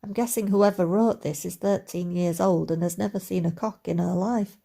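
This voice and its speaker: A woman voicing a sardonic young woman with a dry, deadpan delivery. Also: lowish voice, normal speed, gravelly.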